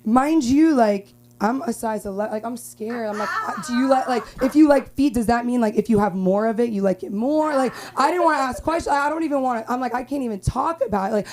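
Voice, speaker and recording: A young Los Angeles woman with a fairly high-pitched voice does a rambling stand-up set at an open mic, her talk heavy with fillers and broken by sudden loud outbursts.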